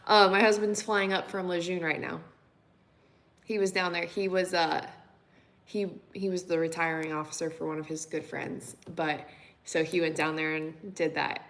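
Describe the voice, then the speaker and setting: Talking into a phone mic from her kitchen at home, this woman in her thirties, who has three boys, rambles casually to viewers between chores and laughs often. Her voice is on the low side with a level, slightly bright tone and a moderate pace.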